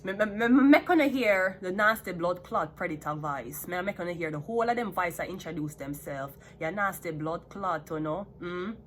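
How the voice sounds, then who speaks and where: A woman with a Jamaican accent, a vlogger, rants heatedly and unscripted to her viewers, cursing and moving between patois and standard English. Her voice is fairly low and her speed normal, with hardly any pauses and a faint hiss or hum in the background.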